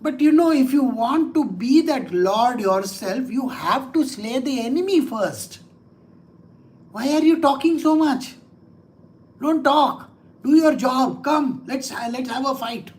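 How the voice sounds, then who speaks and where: A man's voice: very high voice, lively intonation, a little slow, few pauses. A man voicing a divine boar god who sarcastically pretends to be afraid of a demon, pleading in a whiny, mocking tone. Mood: taunting.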